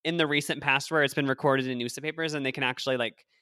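A man's voice: medium pitch, fairly even intonation, quick pace, sharp tone, clear, resonant tone, no room sound, studio quality. A young man with a nasal voice, co-hosting a casual podcast and rambling along with lots of fillers. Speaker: podcast co-host. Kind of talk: casual chat.

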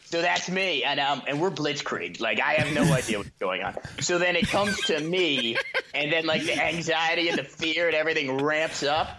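A man's voice: on the high side, normal speed, noisy background. A young man telling a story among friends in casual chat, acting out voices, laughing often and filling his talk with "like". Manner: animated, acts out voices, laughs often, heavy "like" filler. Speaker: podcast co-host.

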